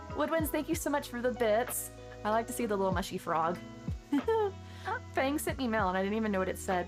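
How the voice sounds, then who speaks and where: A slightly high-voiced woman streamer gushes her thanks to viewers in loose, rambling live-stream chat, tripping over her words and restarting sentences. Lo-fi background music plays clearly under her voice throughout. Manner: gushing, effusive, rambling with many restarts.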